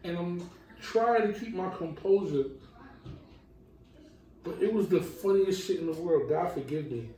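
A man telling a crude story on a casual podcast, animated and laughing, with apologetic asides. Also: high-pitched, measured pace, long pauses, distant mic. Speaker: podcast co-host. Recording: roomy, off-mic with faint background noise.

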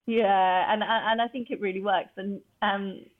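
A woman's voice: mid-range voice, steady tone, a little slow. A woman working as a veterinary nurse, chatting casually in an interview and laughing often. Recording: tinny phone-like line.

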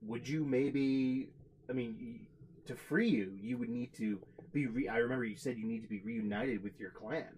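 A man's voice: medium pitch, normal speed, few pauses, darkish tone, slight background noise, rough recording. A man playing a tabletop game, asking curious questions in character. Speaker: player. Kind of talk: tabletop role-play chat.

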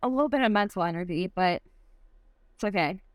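A woman's voice: medium pitch, lively intonation, fast, no room sound. A young woman from Michigan with a Michigan accent, chatting casually as a podcast guest, upbeat and laughing often. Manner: upbeat, giggly, many likes. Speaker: guest athlete.

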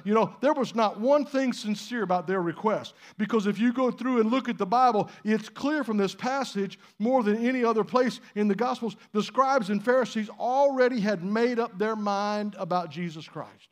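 A man's voice: high-pitched, moderate pace, hardly any pauses. A man preaching a sermon in church, conversational and emphatic, with rhetorical questions. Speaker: pastor.

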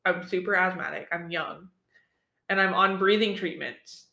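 A young woman co-hosting a podcast in casual chat, teasing and chiming in quickly. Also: on the low side, fairly even intonation, gravelly, bright, forceful tone. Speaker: podcast co-host. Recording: echoey room.

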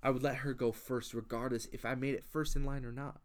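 A man's voice: medium pitch, brisk, clean tone. Young man ranting in casual chat. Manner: animated, repetitive restarts, indignant ranting.

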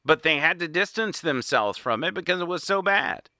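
A man's voice: fairly high pitch, lively intonation, normal speed, sharp tone, no echo. A man giving an indignant, sarcastic political monologue as host, recorded in a small studio. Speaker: political commentator. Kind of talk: opinionated monologue.

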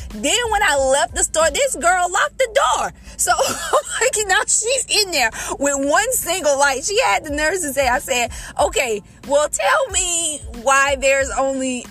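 A young woman with a high, bright voice tells a story from her car, excited and exasperated, laughing through her words. She speaks casually to her listeners, with faint music in the background. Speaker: podcast host. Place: in her car, parked and driving. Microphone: phone.

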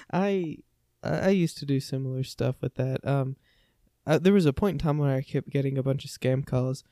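Gravelly-voiced man joking around. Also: medium pitch, normal speed, pauses often, dark tone, dry recording, clean studio sound. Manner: joking, rambling. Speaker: podcast co-host. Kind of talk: casual chat.

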